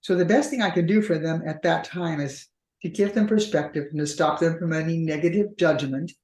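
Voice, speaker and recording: A woman's voice: sits low, fairly quick, a little mellow. Woman therapist in an echoey room. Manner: acts out partners' voices in quoted dialogue. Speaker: couples therapist. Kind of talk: conversational interview explanation. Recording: roomy echo.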